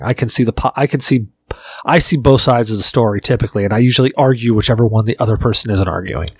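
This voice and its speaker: A man co-hosts a casual podcast and spins an animated, profane story. His voice sits in the middle range. The recording is dry and close, with no room sound. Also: mid-range voice, husky, no echo. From Virginia, United States. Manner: animated storyteller, laughs, swears often. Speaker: podcast co-host. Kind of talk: casual chat.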